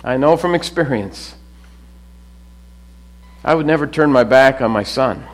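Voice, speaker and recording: A middle-aged man preaching a sermon, swinging between loud emphatic lines and low hushed drops. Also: lively intonation, unhurried, low-quality recording. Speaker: pastor.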